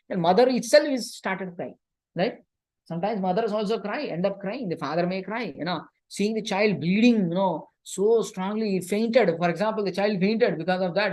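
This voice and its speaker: A man giving a religious class lecture to young people, telling stories and checking in with his listeners through frequent "okay?" and "right?". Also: high voice. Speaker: youth class teacher.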